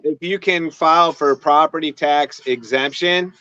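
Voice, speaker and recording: A man's voice: on the high side, unhurried, bright, forceful tone, a little hiss or hum. A man hosting a casual chat, talking hesitantly with many fillers and restarts. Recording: dry, dull lo-fi sound.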